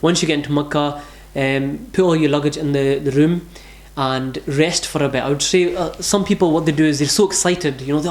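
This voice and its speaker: A man's voice: fairly high pitch, steady tone, fairly quick. A man giving earnest, devout pilgrimage advice in a casual vlog, repeating himself as he talks. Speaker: vlogger giving travel advice. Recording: echoey room.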